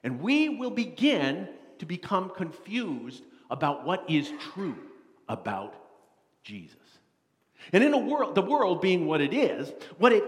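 A man preaching a sermon in a lively, dramatic way, acting out the quotes he tells. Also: high-pitched. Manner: animated, dramatic, acts out quotes in a rising voice. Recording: long reverb in a large hall.

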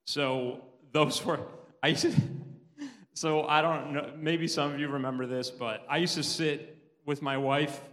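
A man's voice: fairly high pitch, a bit bright. Tearful man testifying in a reverberant hall. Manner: halting, many restarts, laughs often. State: tearful, sobbing at times. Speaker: church member giving testimony. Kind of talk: emotional personal testimony. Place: church hall.

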